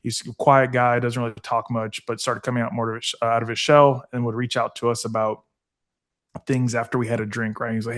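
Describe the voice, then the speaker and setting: A man's voice: medium pitch, little pitch movement, brisk. Earnest man talking heartfelt. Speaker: guest, veterans foundation founder. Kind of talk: casual podcast conversation.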